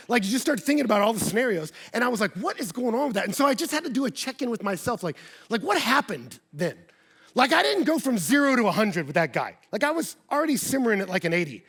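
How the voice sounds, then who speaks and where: A man, a pastor, preaching a sermon with personal storytelling, animated and acting out quoted dialogue. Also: fast talker. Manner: animated, acts out quoted dialogue with big pitch jumps.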